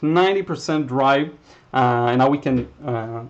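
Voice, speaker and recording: A man's voice: medium pitch, moderate pace, muffled recording, noisy background. A man with an Israeli accent, a native Hebrew speaker, casually teaching watercolor on a livestream and answering chat questions, thinking aloud. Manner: relaxed, thinking aloud, with fillers and restarts. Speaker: watercolor instructor.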